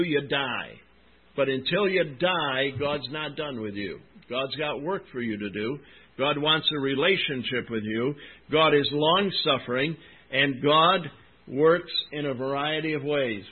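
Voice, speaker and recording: A man's voice: on the high side, husky, narrow, tinny audio. A man preaching a sermon in an earnest, emphatic way, asking his congregation questions as he goes. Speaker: pastor.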